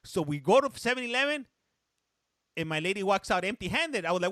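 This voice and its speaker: Man, live-stream host, casual rambling chat, fairly high voice, dry close sound, greets viewers, drops some Spanish. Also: animated, fast, a bit bright, no echo. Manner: chatty storyteller, stops often to read comments; slips briefly into Spanish.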